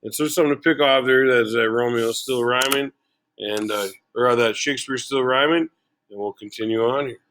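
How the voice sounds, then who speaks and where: Casting: relaxed male teacher, mid pitch, conversational, filler-heavy. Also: fairly quick, slight background noise. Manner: chatty, lots of fillers like "you know" and "uh". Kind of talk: casual explanatory lesson.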